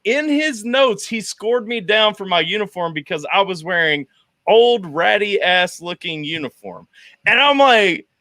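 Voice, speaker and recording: Male veteran co-host, bright tone, casual swearing storyteller. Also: unhurried, no room sound. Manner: profane, animated retelling, voice jumps high when quoting. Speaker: podcast co-host, army veteran.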